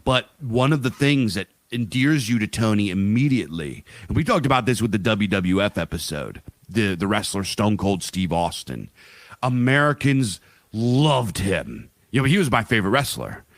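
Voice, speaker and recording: A man's voice: lowish voice, sing-song, moderate pace, no room sound. A man co-hosting a podcast in casual chat, rambling and profane, breaking into voiced asides. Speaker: podcast co-host.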